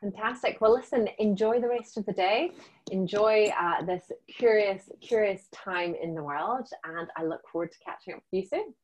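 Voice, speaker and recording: Hosting a casual interview chat, this woman speaks with a mixed South African and Scottish accent, upbeat and effusive and full of warm praise. Her voice is medium-pitched at a moderate pace, and the recording has its highs cut off.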